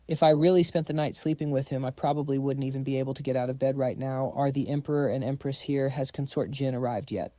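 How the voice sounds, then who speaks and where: A man reading out a dubbed historical drama story, voicing every role in an even, read-aloud delivery. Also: mid-range voice, quick pace, few pauses, no echo. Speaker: story narrator.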